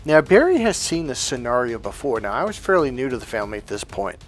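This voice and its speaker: A man's voice: mid-range voice, sing-song, fast talker, soft background music. Rambling, profane male storyteller. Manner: profane, rambling, with many restarts. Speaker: dating coach. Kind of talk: casual anecdote storytelling.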